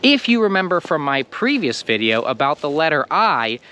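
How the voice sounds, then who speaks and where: A man with an American accent teaching English pronunciation in a video lesson, slow and emphatic, stressing the ends of words. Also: a little high, very animated, bright, forceful tone.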